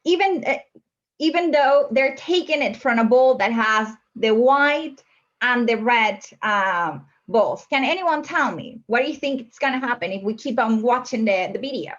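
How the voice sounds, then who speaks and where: High-voiced, hesitant woman facilitator. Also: lively intonation, normal speed, a bit bright. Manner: hesitant, many fillers. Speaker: workshop facilitator. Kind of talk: casual group discussion. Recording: muffled lo-fi audio.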